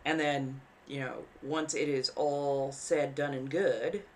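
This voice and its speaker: A woman's voice: very deep voice, fairly even intonation, slow, slight background noise. Chatty woman rambling while she sews. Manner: rambling, frank, swears casually; laughs easily at herself. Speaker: streamer. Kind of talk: casual live-stream chat while sewing. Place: home apartment.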